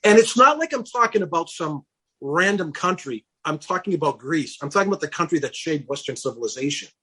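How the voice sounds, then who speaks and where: A middle-aged man being interviewed on a casual podcast, telling his story in an animated way and acting out the dialogue he quotes. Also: fairly high pitch, fairly quick, slightly rough. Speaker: guest, campaign founder.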